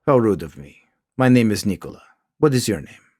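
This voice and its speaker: A man's voice: lowish voice, sing-song, fairly quick, darkish tone, no room sound, studio quality. A man voicing a hulking, stern taxi driver with a thick Eastern European-sounding accent, speaking in clipped, formal sentences. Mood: proud. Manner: clipped, formal, few words.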